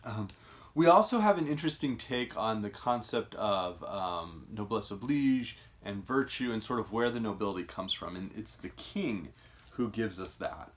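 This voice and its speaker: Low-voiced man musing on literature. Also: expressive, moderate pace. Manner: thoughtful, musing, with frequent restarts. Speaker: podcast host. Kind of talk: casual literary discussion.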